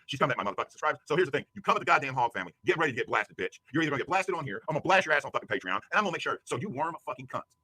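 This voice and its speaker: Man, husky, very fast, bright tense voice, lively pitch, profane angry rant, dry close sound. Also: no echo. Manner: profane, shouting insults at a rival. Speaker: YouTube streamer.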